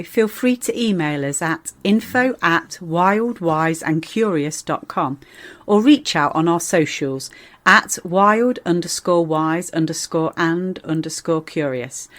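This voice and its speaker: A woman reading a scripted podcast outro in a smooth, even promotional delivery. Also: lowish voice. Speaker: podcast announcer.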